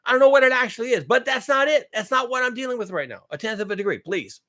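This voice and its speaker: A man hosting his own channel, giving a sarcastic, profane rant about the news, swinging between low mutters and loud outbursts and repeating phrases for emphasis. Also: animated, fast talker. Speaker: channel host. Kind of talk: ranting commentary on news.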